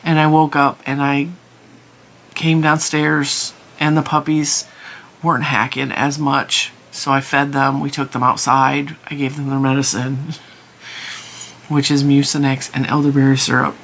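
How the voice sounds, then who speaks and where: A woman's voice: rumbling low, flat delivery, measured pace, a bit bright, slight background noise. A tired middle-aged woman chatting casually to camera at home, rambling with many restarts and sounding worn out. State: exhausted and teary. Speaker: crochet channel host.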